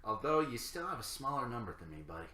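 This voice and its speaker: A man's voice: medium pitch, sing-song, fast talker, bright, forceful tone. A man co-hosting a casual gaming chat, dry and teasing with short replies. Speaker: podcast co-host. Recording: roomy, from a distance.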